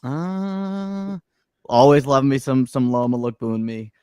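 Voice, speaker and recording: A man's voice: medium pitch, slow pace, darkish tone, clear, resonant tone, dry recording. Laid-back male podcast co-host, dry close sound. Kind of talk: casual chat about fights.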